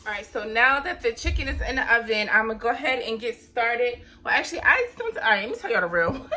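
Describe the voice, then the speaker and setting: A woman's voice: on the high side, fast talker, sharp tone, recorded from a distance. A woman vlogger, chatting to her viewers as she cooks dinner and calling them honey. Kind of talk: casual cooking vlog. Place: home kitchen. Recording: voice a bit off-mic with faint room noise.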